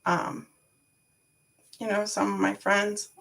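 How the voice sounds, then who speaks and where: A woman's voice: mid-range voice, level tone, measured pace, gravelly, long pauses, very noisy. A woman giving a live-stream tarot reading, chatty and frank, talking to her viewers by name. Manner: frank, swears casually. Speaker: tarot card reader.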